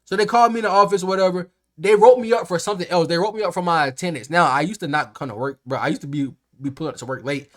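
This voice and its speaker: A young man casually telling a workplace story to camera, animated and slangy, acting out the people in it. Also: high-pitched, racing, few pauses. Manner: animated, slangy and profane, acts out quotes.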